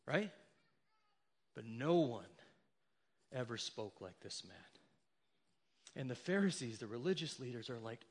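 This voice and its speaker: A man's voice: medium pitch, fairly bright tone. A man preaching a sermon to his church, emphatic and rhetorical, often checking in with the congregation. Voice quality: emphatic, rhetorical, repeated "right?". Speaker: pastor.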